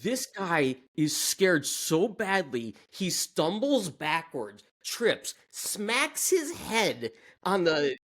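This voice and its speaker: A man hosting a podcast, telling a travel story in casual chat, lively and laughing as he goes. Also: high-pitched, drawn-out words. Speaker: podcast host.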